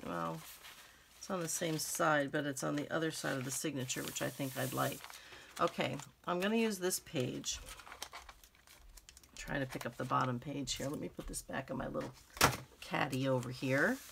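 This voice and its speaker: Low gravelly woman chatting over crafts. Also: normal speed, pauses often, noisy background. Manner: rambling, thinks aloud with many fillers. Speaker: craft channel host. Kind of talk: casual crafting tutorial chat.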